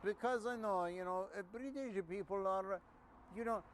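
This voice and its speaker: A man's voice: high-pitched, normal speed, slight background noise, close to an everyday voice. An actor playing an effusive agency boss who rambles and stumbles over his words. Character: excitable Italian male agency boss.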